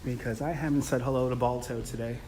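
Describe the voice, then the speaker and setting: Strolling outdoors in a city park, this New York–accented man from Brooklyn hosts a live walking tour, greeting viewers, cracking jokes and laughing a lot as he narrates casually. He talks quickly in a mellow, medium-pitched voice with fairly even intonation, and there's a faint hiss or hum.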